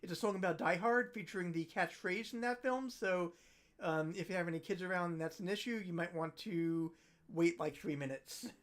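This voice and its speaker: Rambling woman with a low voice. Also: normal speed. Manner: rambling and self-deprecating, laughing, trailing off quietly. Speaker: singer-songwriter hosting a holiday livestream. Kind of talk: casual chat between songs. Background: ukulele playing.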